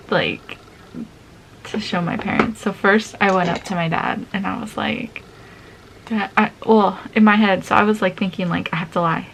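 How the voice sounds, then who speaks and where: A woman in her twenties chats her way through a get-ready-with-me vlog and laughs easily as she tells her story. Her voice sits at an ordinary middle pitch, and there is faint background noise behind it. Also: gravelly, a bit bright, low-quality recording. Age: 20s. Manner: chatty, laughs often, acts out quoted voices. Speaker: vlogger. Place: at home, indoors.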